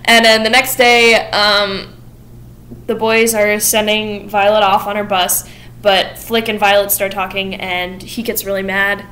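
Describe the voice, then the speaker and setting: A young woman vlogger retelling a plot in casual chat, with quick quoted asides and giggles. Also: medium pitch, level tone, pushed and bright, slight background noise, rough recording. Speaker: vlogger summarizing a musical.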